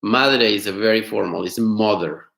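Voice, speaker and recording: A man teaching an online class, explaining words slowly, repeating them and asking his students questions. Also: lowish voice, vocal fry, a bit bright, echoey room. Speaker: Spanish teacher. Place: home studio.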